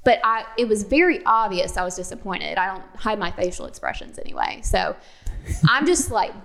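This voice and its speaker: A woman candidly telling an animated personal story in a casual chat. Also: mid-range voice, moderate pace, creaky.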